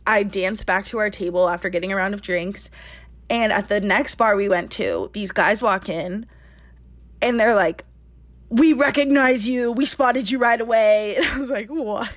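A woman in her twenties telling a lively story on a casual podcast, laughing often and saying "like" a lot. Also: mid-range voice. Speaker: podcast co-host.

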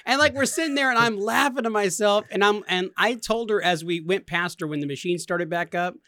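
Male podcast co-host, thirties, high and bright, lively storyteller voice, dry sound. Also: fairly quick, dry recording. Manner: animated, laughing, acts out quotes. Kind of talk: casual storytelling.

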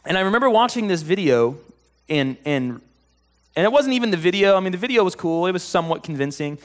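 A man delivering a sermon like he's telling friends a story, with a voice sitting a bit higher than most men's. He drops low and quiet on serious points and gets loud and animated when he's excited. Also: fast. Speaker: pastor.

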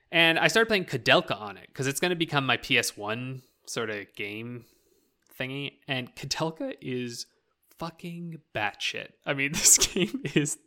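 A man's voice: mid-range voice, bright, forceful tone. A young man chatting casually as a podcast co-host, rambling with lots of "like" fillers. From rural Canada. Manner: rambling, full of "like" fillers, laughs often. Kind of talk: casual chat about video games.

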